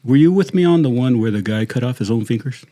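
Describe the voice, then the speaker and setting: Fast and animated, his medium-pitched voice carries a dark tone. He's a middle-aged former sheriff's deputy from Southern California by accent, casually telling profane stories and laughing as he goes.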